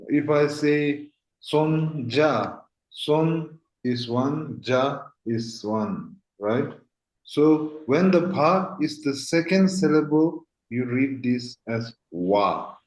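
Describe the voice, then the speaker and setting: A man's voice: fairly high pitch, animated, extremely slow, darkish tone. A man teaching a language class, modelling syllables aloud and checking in with his students. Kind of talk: slow patient classroom teaching. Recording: echoey room.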